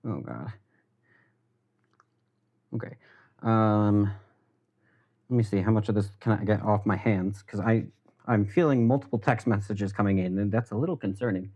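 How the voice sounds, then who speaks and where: A man's voice: fairly low pitch, moderate pace, pauses often, dark tone. Rambling young American man streaming. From United States. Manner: rambling, self-deprecating, swears casually. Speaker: livestreamer. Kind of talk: casual live-stream chat while cooking. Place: home kitchen. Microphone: headphones with mic.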